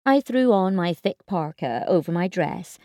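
A woman narrating a first-person story in an expressive, wry manner. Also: fairly low pitch, unhurried, no echo, studio quality. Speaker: audiobook narrator.

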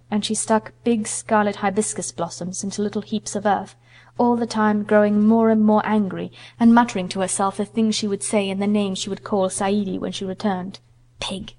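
A woman narrating a classic novel in a measured, expressive reading. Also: medium pitch. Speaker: audiobook narrator.

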